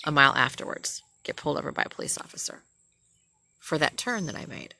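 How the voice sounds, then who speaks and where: A woman's voice: deep voice, lively intonation, quick pace, gravelly, bright, forceful tone, slight background noise. A middle-aged woman, a nurse, bluntly ranting and telling a story in a profane personal vlog.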